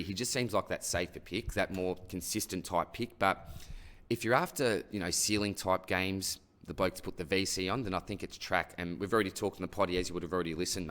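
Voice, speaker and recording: A deep-voiced Australian man runs a relaxed mailbag segment, easygoing and conversational. He talks to each listener like an old mate and tacks a friendly "mate" or "buddy" onto nearly every sentence. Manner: matey and chatty, tags most sentences with "mate" or "buddy". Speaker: fantasy sports host answering listener questions. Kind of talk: casual mailbag Q&A.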